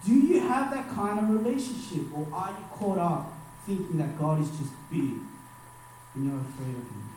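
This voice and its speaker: A man with a high voice gives a sermon to young people from a distance, far from the mic in a very echoey hall with faint room sound behind him. He stresses key words and lets the ends of lines sink low. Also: animated, moderate pace, a little mellow, a little hiss or hum. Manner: emphatic, dropping his voice low at phrase ends. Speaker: youth pastor.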